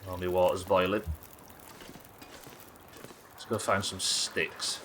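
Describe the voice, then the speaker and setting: A man's voice: low voice, flat delivery, slow pace, fairly bright tone, slight background noise. Chatty man streaming a game. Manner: rambling, chatty, swears, self-mocking. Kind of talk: casual gameplay commentary.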